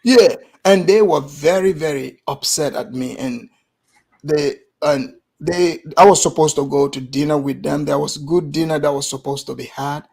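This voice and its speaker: A man from Gambia with a Gambian accent, telling an animated story in casual chat and acting out the voices of others. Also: fairly high pitch, moderate pace, creaky, breathy edge. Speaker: guest storyteller.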